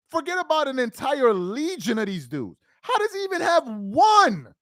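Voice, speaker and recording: A man's voice: very high voice, wildly swooping pitch, normal speed, hardly any pauses, dry recording. Exasperated man ranting into a dry mic. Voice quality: exasperated, incredulous, loud outbursts. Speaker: reaction video host. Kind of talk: ranting commentary over a played clip.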